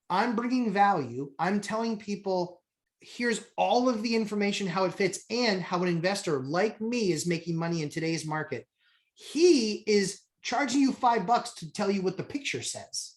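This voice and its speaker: A woman telling a story with animated exasperation, an investor chatting on a podcast. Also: mid-range voice, moderate pace. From New Hampshire, USA. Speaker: real estate investor, co-host. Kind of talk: casual podcast chat.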